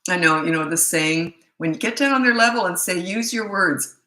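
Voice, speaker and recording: A woman's voice: lowish voice, expressive, normal speed, sharp tone, echoey room, rough recording. A middle-aged woman parenting coach answering questions in a blunt, opinionated, casual way. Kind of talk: casual Q&A talk to camera.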